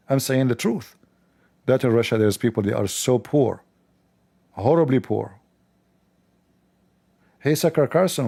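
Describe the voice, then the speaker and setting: Gravelly man mocking sarcastically. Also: medium pitch, a little mellow. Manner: mocking, scornful, exaggerated incredulity; non-standard English grammar. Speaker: livestream host. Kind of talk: sarcastic commentary on a video.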